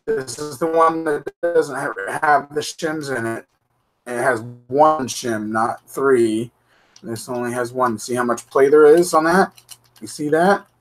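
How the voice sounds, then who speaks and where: A man hosting an RC hobby show, chatting casually and goofily with his live-stream viewers. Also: mid-range voice. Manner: goofy, laughing, chatty with viewers.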